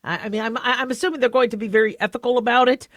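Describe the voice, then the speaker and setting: A woman's voice: a little high, steady tone, rapid-fire, fairly bright tone, no room sound. A woman hosting a talk radio show, explaining medical news in a chatty way with many fillers and restarts.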